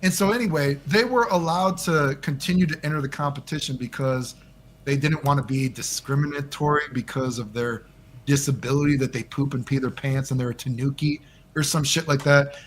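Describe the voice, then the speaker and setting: A man as the guest in a casual interview over a call, rambling and animated and swearing often. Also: medium pitch, brisk, a little hiss or hum.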